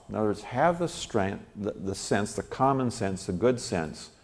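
A man with a very low, deep voice leads a Bible study verse by verse. He reads the old scripture wording aloud, then stops to unpack the Hebrew grammar behind it in a scholarly, unhurried manner. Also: lively intonation. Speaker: Bible teacher.

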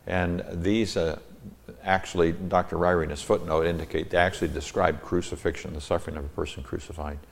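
A man's voice: low voice, level tone, vocal fry, in a large hall. A man teaching a Bible lesson, reading scripture aloud with strong emphasis and stopping for plain explanatory asides. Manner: reads verses with rising emphasis, slows for stress.

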